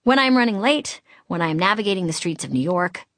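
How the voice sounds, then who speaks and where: A woman's voice: medium pitch, lively intonation, a little fast, fairly bright tone, dry recording. Wry woman reading her memoir. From Boston. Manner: wry, candid, comic timing. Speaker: author narrating her memoir.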